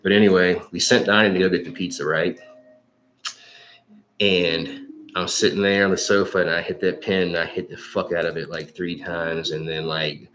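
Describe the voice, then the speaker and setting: Man, very low voice, rambling, profane, casual livestream talk, muffled sound. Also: fairly even intonation, moderate pace, fairly bright tone, a little hiss or hum. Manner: rambling, heavy swearing, many fillers. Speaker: psychic livestream host. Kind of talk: casual storytelling monologue. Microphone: livestream microphone.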